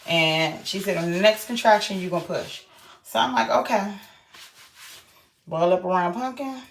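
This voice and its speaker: Animated young woman telling a story. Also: medium pitch, moderate pace, vocal fry, a little hiss or hum. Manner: animated retelling, acting out quoted voices. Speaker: vlogger. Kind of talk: casual storytelling vlog.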